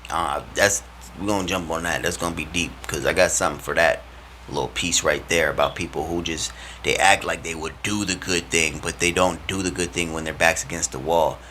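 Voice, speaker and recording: A man in a relaxed vlog who preaches with plenty of slang and animated emphasis. His voice sits fairly low. Faint ambient noise sits behind him. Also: brisk. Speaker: vlogger. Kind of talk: casual faith talk to camera.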